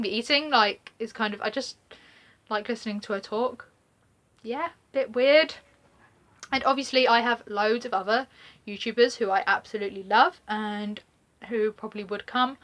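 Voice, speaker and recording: A woman's voice: fairly high pitch, a bit bright. Chatty young British woman vlogging. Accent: regional British. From Britain. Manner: chatty, rambling, full of fillers and laughs. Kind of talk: casual chat to camera.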